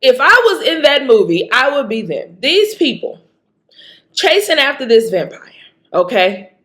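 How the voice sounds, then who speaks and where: A woman's voice: high-pitched, a little slow. A woman from Mississippi with a Mississippi accent, chatting casually and emphatically as she reviews a movie. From Jackson, Mississippi. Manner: chatty, animated, emphatic, laughs often. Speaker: vlogger.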